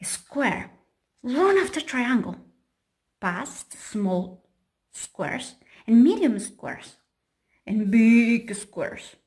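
A woman's voice: fairly high pitch, very animated, extremely slow, pauses often. A woman reading a picture book aloud for children and asking them questions. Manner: gentle storytelling with questions to children.

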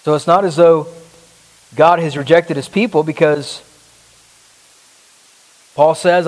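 A man's voice: a little high, unhurried, long pauses, a little mellow. Man preaching in a reverberant church. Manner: emphatic preaching, rhetorical questions to the congregation. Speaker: pastor. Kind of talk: sermon.

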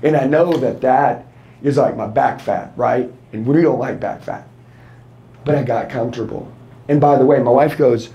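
A man's voice: medium pitch, normal speed, warm tone. A man in his thirties, a sales trainer, giving a blunt, profane, confrontational motivational talk to a room full of people. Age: 30s. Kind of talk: fired-up motivational seminar talk.

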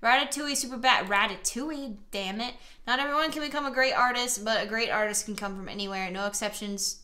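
A young woman playing a chat game, reading messages aloud and swearing as she gets loud and exasperated. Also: medium pitch, fairly quick, slight background noise. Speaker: gaming streamer. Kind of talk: let's play commentary, reading chat aloud.

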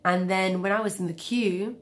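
A woman's voice: mid-range voice, fairly even intonation, normal speed. A young woman with a cold telling a story in a chatty, rambling vlog style. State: has a cold, coughing. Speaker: vlogger. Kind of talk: casual storytelling.

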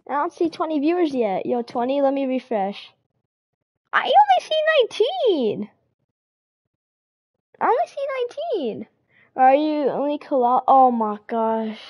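A fairly high-voiced woman streaming live and chatting loosely with her chat. She talks in easy, repetitive bursts and greets viewers as they come in. A slight cold sits in her voice. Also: a little mellow. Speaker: game streamer.

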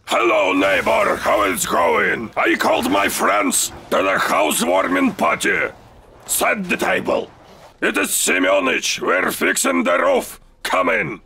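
A man voicing a loud, overfriendly male village head who shouts his welcomes. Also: very high voice, animated, slow, creaky, breathy edge, full character voice. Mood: boisterous.

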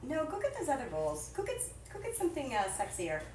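Woman cooking-show host, bright and chatty, self-deprecating, slightly high voice, echoey kitchen. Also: huge pitch swings, fast, heavy background noise. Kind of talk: live cooking stream chat. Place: home kitchen. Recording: echoey kitchen with faint clatter.

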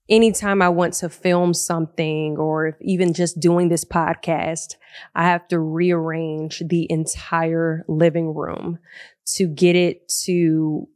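Lively, chatty young woman podcast host. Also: low voice, dry recording, studio quality. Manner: chatty and animated, laughs often. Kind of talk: solo podcast talk. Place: living room of a large loft apartment. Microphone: podcast microphone.

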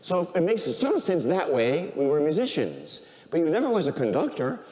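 An older male priest preaches in a church with a long, ringing reverb. His pitch leaps and falls with feeling, now raised in proclamation, now dropped low and hushed as he grows emotional. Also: huge pitch swings, normal speed. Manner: emotional storytelling, swinging from loud preaching to quiet, near-tearful speech. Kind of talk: sermon.

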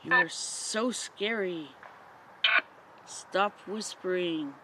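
Woman, paranormal vlog host, jittery and unhurried, questioning spirits in the woods by a busy road. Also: on the low side. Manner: nervous, talks to spirits in short questions. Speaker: paranormal investigator. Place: outdoors in a forest near a road at night. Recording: outdoor traffic noise. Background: passing traffic.

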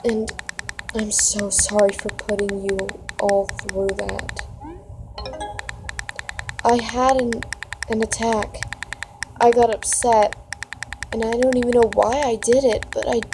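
A woman reading text messages aloud for a reaction video, breaking into dramatic, expressive outbursts. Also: on the high side, slow, long pauses, over music, rough recording.

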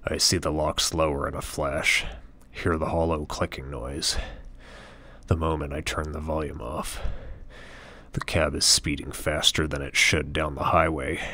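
A man narrating an audiobook in the first person, in a measured, cool, detached tone. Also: rumbling low, level tone, bright, forceful tone, dry recording.

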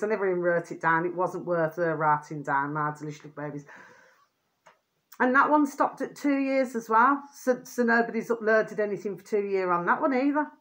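A woman vlogger talking in a rambling, repetitive way to her viewers, often irritated and venting. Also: mid-range voice. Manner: rambling, repeats pet phrases, asks "do you see what I mean". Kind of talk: rambling casual monologue to viewers.

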